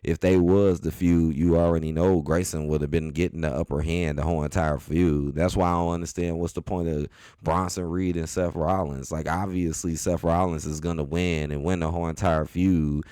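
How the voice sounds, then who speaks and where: A man giving a casual, animated opinion rant as a wrestling commentary host, repeating his points in loose everyday speech. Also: low-pitched, normal speed, clear, resonant tone, no echo, studio quality. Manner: animated, repetitive, colloquial.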